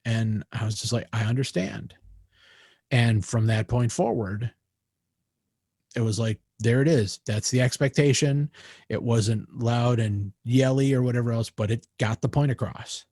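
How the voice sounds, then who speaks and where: Man, interview guest, animated storyteller, mid pitch, breathy edge. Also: normal speed, no echo, studio quality. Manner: animated anecdotes, acting out quoted voices, many restarts. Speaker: interview guest, jazz musician.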